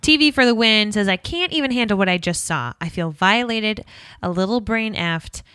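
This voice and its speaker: A woman's voice: mid-range voice, expressive, moderate pace, bright, forceful tone, clear, resonant tone, no room sound, studio quality. A woman co-hosting a podcast, reading listener tweets in casual chat and adding wry asides. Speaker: podcast co-host.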